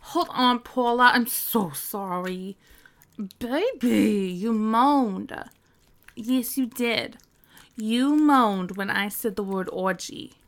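A woman's voice: on the high side, slow. A woman playing a giggly, teasing young woman. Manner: teasing, giggly, mock-scolding. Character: teasing, bossy young woman on a phone call. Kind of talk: scripted audio role-play.

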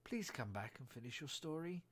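A man reading aloud and voicing a curious, polite young girl who speaks earnestly and often softly. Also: medium pitch, animated, normal speed, slightly rough, pitched above the performer's own voice.

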